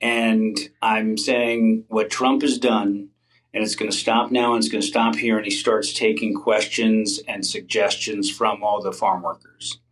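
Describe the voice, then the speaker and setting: A man's voice: fairly low pitch, little pitch movement, a little slow, a bit bright, low-quality recording. A middle-aged male comedian, a guest in a candid interview, telling stories in a rambling way with lots of fillers and restarts.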